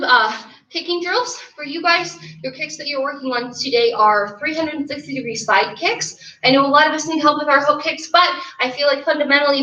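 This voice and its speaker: A woman's voice: high voice, bright, forceful tone. A woman teaching an online martial arts class, giving upbeat coaching and counting reps aloud. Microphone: camera mic from a distance. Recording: roomy, distant, dull lo-fi sound.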